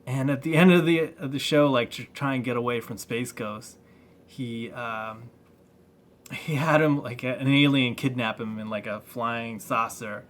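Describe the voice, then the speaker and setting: A toy collector vlogger reviews a toy figure casually, rambling and halting with lots of fillers and restarts. His voice is medium-pitched and a bit bright.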